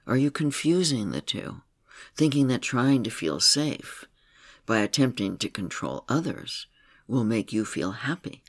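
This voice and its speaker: A man hosting a podcast, reading a first-person counseling story in a calm, gentle manner. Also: medium pitch, a little slow.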